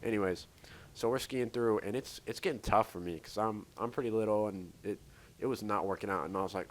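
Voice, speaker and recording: Gaming host, male, lowish voice, rambling casual storyteller, faint gunfire underneath. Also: fast talker, a little hiss or hum. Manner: rambling, many "like" fillers and restarts. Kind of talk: casual storytelling over gameplay.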